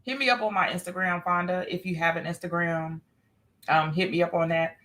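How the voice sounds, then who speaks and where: A woman's voice: fairly low pitch, fairly even intonation, a little fast, a bit bright. A woman co-hosting a casual film discussion podcast, chatty, laughing often and talking straight to viewers. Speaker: podcast co-host.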